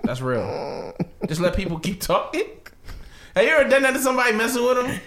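A man, cohosting a comedy sports podcast and telling stories with animated acted-out quotes. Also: very high voice, a little fast. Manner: animated storyteller, acts out quotes. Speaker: podcast co-host. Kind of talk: casual comedic chat.

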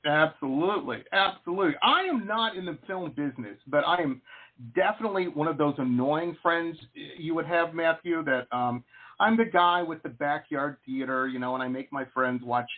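A man hosting an interview show, enthusiastic and quick to laugh in casual chat. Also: on the high side. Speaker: talk show host. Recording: tinny phone-like line.

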